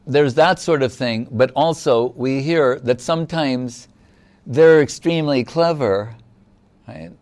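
A man giving a devotional discourse as a spiritual lecturer, explaining gently and pausing often with fillers. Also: medium pitch.

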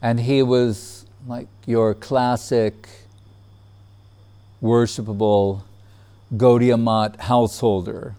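A man telling a personal memory in casual storytelling, relaxed, laughing often and acting out what others said. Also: mid-range voice, slow, pauses often, clean tone.

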